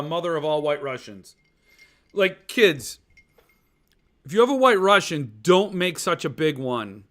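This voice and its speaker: Bright-voiced, rambling male stream host. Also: medium pitch. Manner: rambling, reads chat aloud and answers viewers; self-deprecating and jokey. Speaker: podcast host. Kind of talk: casual live-stream chat.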